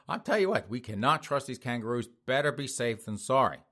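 A man's voice: medium pitch, very animated, fairly quick, pushed and bright. Sarcastic middle-aged man hosting a show. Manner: mocking, sarcastic, laughs at own jokes. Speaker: podcast host. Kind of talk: sarcastic commentary reading news.

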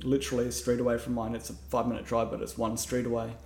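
A man's voice: mid-range voice, monotone, rapid-fire, vocal fry, darkish tone, echoey room. An Australian man, a knife maker, chatting casually on a podcast and rambling with many self-deprecating restarts.

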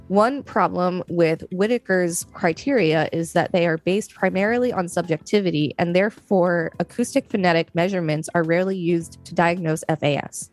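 A woman with a lowish voice co-hosts a podcast and reads a scripted explainer in an even, measured way. Faint music sits under her voice. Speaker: podcast co-host. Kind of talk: reading a scripted explainer in turns.

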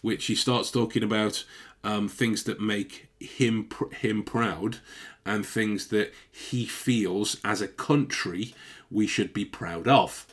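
A man's voice: fairly low pitch, steady tone, slow pace. A man chatting casually, with a loose and profane delivery and frequent laughs. He explains body language to a co-host in an unscripted, conversational way. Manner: chatty, swears, laughs often. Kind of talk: casual chat.

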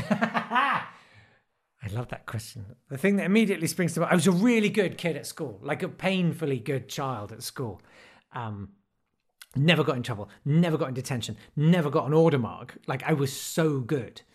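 A man's voice: on the high side, lively intonation, moderate pace, slightly rough. Rambling man telling stories. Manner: rambling, self-deprecating, with dry asides. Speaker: podcast guest. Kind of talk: casual interview storytelling.

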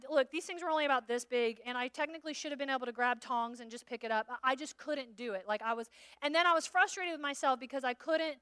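A woman's voice: sits high, sharp tone, no echo. A middle-aged woman preaching at a conference in a chatty, storytelling way, acting out her own thoughts. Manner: conversational, acts out her own inner dialogue. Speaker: pastor. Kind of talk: conference sermon.

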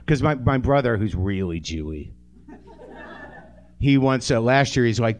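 A man's voice: mid-range voice, lively intonation, a little slow. Ranting, profane man doing stand-up. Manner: ranting, profane, self-deprecating; talks straight to the audience. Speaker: comedy show host. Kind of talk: stand-up monologue. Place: theater stage at a live show.

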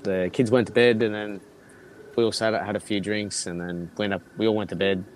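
A man's voice: on the low side, fairly quick, slight background noise. Rambling Australian man telling a story. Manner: rambling, animated, swears freely, laughs. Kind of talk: casual storytelling.

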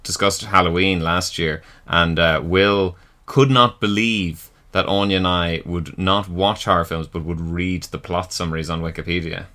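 Bright-voiced man with wry teasing. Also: sits low, steady tone, a little hiss or hum. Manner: wry, teasing, quick asides. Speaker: podcast co-host. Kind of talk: casual chat.

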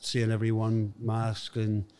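A man's voice: on the low side, monotone, takes it slowly, a little mellow, clean tone. An older man with a Northern Irish accent, chatting plainly as a podcast guest and often repeating words as he searches for them. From Belfast, Northern Ireland. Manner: plain-spoken, repeats himself while finding words. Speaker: guest, former footballer. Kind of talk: casual podcast interview.

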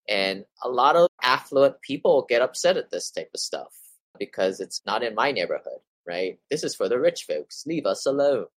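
Man, deep voice, casual explainer, dry close recording. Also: a bit bright, no room sound, low-quality recording. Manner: reads passages then adds offhand opinions, some stumbles. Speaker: real estate investing podcast host. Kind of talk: casual explainer reading and commenting on articles.

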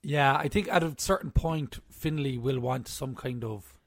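A man's voice: mid-range voice, unhurried, dry recording. Podcast guy, jokey, swears a bit, dry close audio. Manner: joking, opinionated, swears casually. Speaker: podcast co-host. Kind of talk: casual chat about a reality show.

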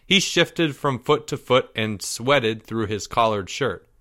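Slow, measured male storyteller. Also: medium pitch. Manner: measured, expressive reading. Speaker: narrator. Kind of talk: storybook read-aloud.

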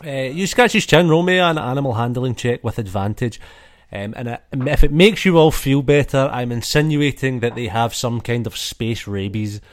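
A man's voice: medium pitch, normal speed, few pauses. A man narrating and running a tabletop role-playing game in a casual, swearing way with many fillers. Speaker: game master.

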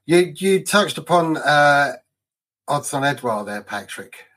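A man's voice: fairly high pitch, expressive, slow, fairly bright tone. A man co-hosting a casual football podcast, chatty and fond of telling anecdotes. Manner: chatty storyteller, laughs at his own anecdotes. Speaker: podcast co-host.

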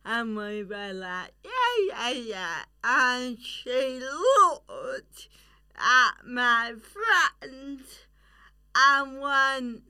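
A woman comedian guesting on a podcast, telling a story slowly in casual chat with frequent laughter. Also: sits high, animated, pushed and bright, smooth. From England.

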